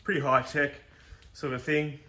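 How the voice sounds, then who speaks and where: A man's voice: mid-range voice, little pitch movement, moderate pace, bright, forceful tone. A young Australian man casually talking through his car build in his garage, rambling and joking with the odd swear word. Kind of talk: casual workshop walkthrough.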